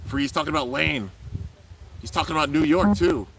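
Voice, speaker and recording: A man giving casual, excited live commentary on a cartoon episode, describing what happens on screen and calling people "dude". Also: fairly high pitch, moderate pace, background noise. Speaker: anime reaction YouTuber.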